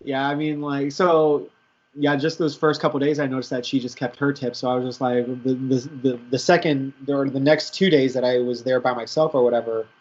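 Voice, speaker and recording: A man's voice: medium pitch, flat delivery, brisk, darkish tone. A young man co-hosting a podcast in casual chat, telling laid-back stories with frequent laughs and casual swearing. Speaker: podcast co-host. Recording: dull lo-fi podcast audio.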